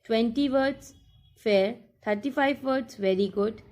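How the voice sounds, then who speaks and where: Woman teacher, recorded lesson, slow deliberate delivery, repeats each instruction, fairly high voice. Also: a little mellow.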